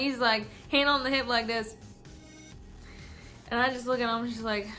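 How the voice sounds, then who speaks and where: A tipsy young woman, a vlogger, tells a work story to the camera, laughing a lot and swearing as she acts out her coworkers' lines. Her voice sits high and is expressive, pushed and bright, with a slow pace and frequent pauses. Faint music plays in the background.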